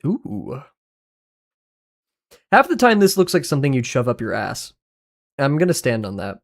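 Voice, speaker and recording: A male streamer talking casually to his chat, rambling from one thing to the next. He swears freely, cracks jokes and laughs often, his voice sitting at an ordinary middle pitch. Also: sing-song, moderate pace. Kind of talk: casual livestream commentary.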